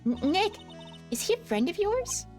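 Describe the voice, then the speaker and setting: A woman voicing an excitable young female sidekick in an eager, bouncy way. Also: very high-pitched, moderate pace, soft background music, voice pushed up.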